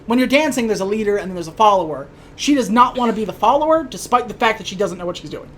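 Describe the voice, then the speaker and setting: A woman's voice: mid-range voice, lively intonation, fast talker, a little hiss or hum. A woman co-hosting a podcast, casually recapping a movie in a wry, sweary way and briefly acting out the characters' lines. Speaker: podcast co-host.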